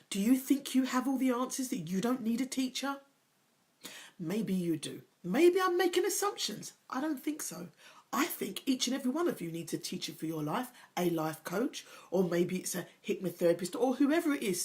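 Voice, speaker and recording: A middle-aged woman hosting a motivational talk, earnest and emotional, pressing her points by repeating them. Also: mid-range voice. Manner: earnest, emphatic, repeats key phrases; openly emotional, personal. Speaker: host, confidence coach.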